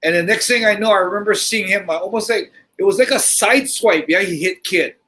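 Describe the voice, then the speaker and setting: A middle-aged man telling a story in casual podcast talk, animated and swearing freely, often restarting his sentences. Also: high voice, fairly quick, rough recording. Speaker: podcast host.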